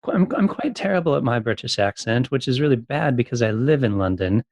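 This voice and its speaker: A man's voice: mid-range voice, animated, a little fast, a little mellow, dry recording. Teasing male interview host. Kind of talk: casual interview chat.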